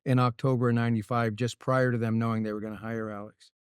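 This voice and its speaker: Smooth-voiced man telling racing stories. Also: medium pitch, quick pace, dry recording, studio quality. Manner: animated storyteller with frequent restarts and "right?". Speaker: racing crew chief, guest. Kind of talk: casual interview storytelling.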